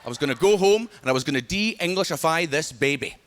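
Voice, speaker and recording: Scottish man, young, stand-up; high-pitched, loud, storytelling; live-audience stage mic with noisy laughter. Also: expressive, fast talker. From Scotland. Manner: loud, punchy storytelling, often laughing along. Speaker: stand-up comedian. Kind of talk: stand-up comedy set. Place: large theater stage before a live audience.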